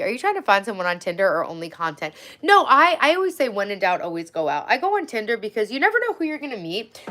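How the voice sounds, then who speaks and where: A woman in her forties hosting a long casual livestream, chatty and sarcastic, reading out viewer comments, a little hoarse from talking for hours. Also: mid-range voice, a bit bright. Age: 40s. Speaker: livestream host.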